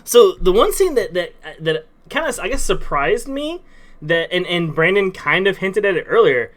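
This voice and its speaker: Excitable high-voiced man. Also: normal speed. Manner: excitable, slangy, says "dude" and "bruh". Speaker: podcast co-host. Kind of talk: casual chat.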